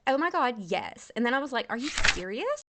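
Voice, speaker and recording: A woman's voice: on the high side, sing-song, very noisy, voice pushed up. A woman voicing a sassy female zoo animal who gushes like a valley girl. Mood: hushed. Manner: bubbly, drawn-out valley girl gushing.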